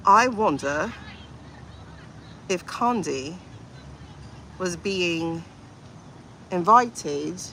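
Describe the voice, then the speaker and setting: A woman's voice: on the low side, animated, drawn-out words, vocal fry, pauses often, pushed and bright, a little hiss or hum. A woman hosting a casual livestream, chatting in a rambling, playful way with lots of asides. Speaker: livestream host.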